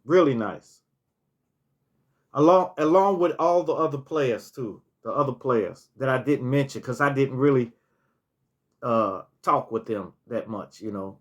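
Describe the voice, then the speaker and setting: A man's voice: mid-range voice, animated, unhurried, dull audio. A middle-aged man telling casual stories on a vlog, rambling, restarting words and filling with "you know" as he recalls things. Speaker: storytelling vlogger. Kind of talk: casual storytime monologue.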